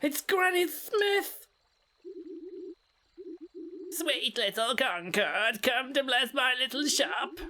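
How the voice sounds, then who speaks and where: A man voicing a doting old granny shopkeeper in a game, in a high, slow, cooing voice. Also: big pitch swings, bright, forceful tone, full character voice.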